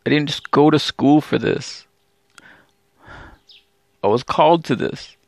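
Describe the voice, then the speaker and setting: Gravelly, pleading man. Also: on the high side, slow, no echo. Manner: pleading, repetitive, stammering restarts. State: discouraged. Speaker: Bible teacher and channel host. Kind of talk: emotional religious vlog monologue.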